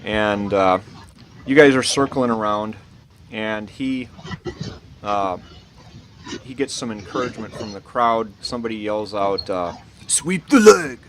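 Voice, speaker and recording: A man narrating as dungeon master, explaining rules in a relaxed, rambling way with many fillers. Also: lowish voice, measured pace, pauses often, low-quality recording. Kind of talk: narrating a tabletop game. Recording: loud background noise.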